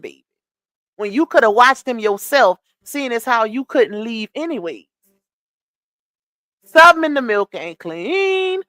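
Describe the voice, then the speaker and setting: A woman's voice: high-pitched, fairly bright tone, dry recording. Emphatic woman commentator, dry close mic. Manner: emphatic, rhetorical questions to viewers. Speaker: commentary streamer. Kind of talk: casual commentary.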